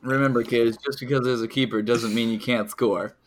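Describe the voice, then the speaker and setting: A man's voice: medium pitch, steady tone. A man co-hosting a podcast, chatting casually and joking. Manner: jokey, loose, quick asides. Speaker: podcast co-host. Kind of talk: casual chat.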